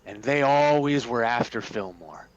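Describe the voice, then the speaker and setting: A man's voice: medium pitch, lively intonation, measured pace, lo-fi sound, a little hiss or hum, lightly acted. A man voicing a suspicious young male wizard who escaped captivity, talking urgently with stammers. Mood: haunted.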